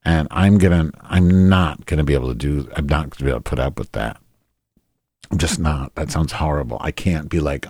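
Guy rambling alone on his podcast, super low voice, dry close sound, swears a lot and runs himself down. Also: normal speed, a little mellow, breathy edge, dry recording. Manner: grumbling, profane, self-deprecating. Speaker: podcast host. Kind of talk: rambling solo podcast monologue.

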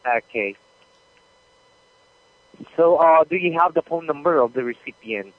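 A man's voice: on the high side, animated, measured pace, dry recording. Male customer service supervisor, polite and patient, dry tinny phone audio. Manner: polite, patient, hesitant with fillers.

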